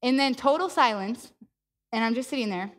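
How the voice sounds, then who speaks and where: A woman with a fairly high voice delivers a sermon in a church, telling her story in an animated way and acting out the dialogue. Her voice carries a long reverb from the hall around her. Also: moderate pace. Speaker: preacher.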